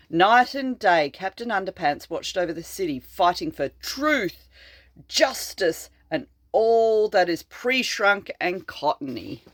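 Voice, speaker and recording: Slow, lively grandma reading aloud. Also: female voice, mid-range voice, no room sound. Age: older. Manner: slow and expressive, chatting to children between lines. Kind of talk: read-aloud storytelling to children.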